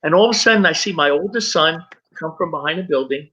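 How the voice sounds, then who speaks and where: High, bright-voiced middle-aged man telling his story. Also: breathy edge. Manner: halting, stumbles and repeats words when moved. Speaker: guest. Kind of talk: emotional personal storytelling. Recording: dull lo-fi recording.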